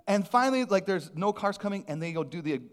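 A man preaching from the pulpit, telling a personal story with self-deprecating humor. His voice sits a little high and swings widely in pitch, lively and animated throughout. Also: fast. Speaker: pastor.

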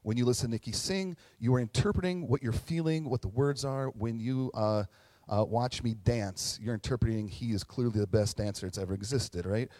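A young man preaching in a relaxed, conversational way, telling stories and slipping into the voices of the people he quotes. His voice sits at an ordinary middle pitch. The sound is dry and close, with little room echo. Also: brisk. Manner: casual, storytelling, acts out quoted voices. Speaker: pastor. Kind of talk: sermon.

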